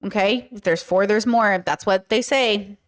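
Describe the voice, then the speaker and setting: A woman's voice: mid-range voice, unhurried. A woman hosting a casual commentary, talking in an emphatic, sarcastic way. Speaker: commentary host.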